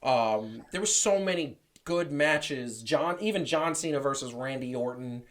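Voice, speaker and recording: A man co-host in casual chat, making his points with emphasis and repeating himself. His voice sits at an ordinary middle pitch. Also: expressive, measured pace, a bit bright. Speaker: podcast co-host.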